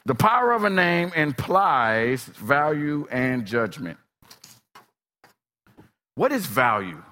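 A man preaching a sermon with dramatic storytelling, swinging from shouts to whispers. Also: fairly high pitch, very animated, slow, long reverb tail.

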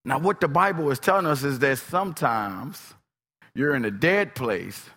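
A man preaching a sermon, swinging between soft, low asides and shouted, emphatic lines. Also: lively intonation, normal speed, long reverb tail.

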